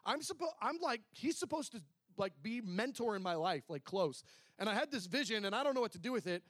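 A man preacher with a fairly high voice tells his testimony to a congregation. He moves from quick excited runs to slow emphasis and acts out the dialogue as he goes. The sound is dry and close, with no room echo. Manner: animated, swings between fast excited bursts and slow emphasis.

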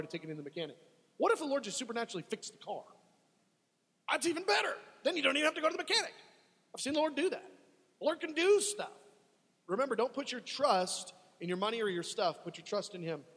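A man preaches in a high, slightly breathy voice. He delivers a dramatic sermon and acts out desperate cries to God. The sound carries a long, lingering reverb. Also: a bit bright.

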